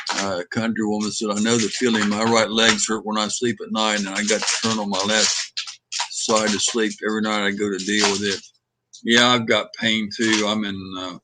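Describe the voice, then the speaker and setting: A man hosting a casual livestream from home, rambling and reading viewer comments out loud with lots of hesitant fillers. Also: on the low side, noisy background. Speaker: livestream host. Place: at home with his dog.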